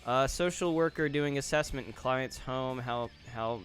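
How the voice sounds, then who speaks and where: Male streamer, mid-pitched voice, casual offhand reactions, soft guitar music underneath. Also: a little slow. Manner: reactive, reads posts aloud and comments offhand. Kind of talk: casual live-stream commentary. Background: faint guitar music.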